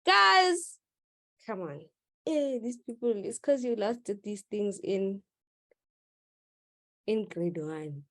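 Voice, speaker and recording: A woman's voice: medium pitch, lively intonation, slow pace, long pauses, a bit bright. A woman teaching maths in a live online class, playful and teasing with her students. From South Africa.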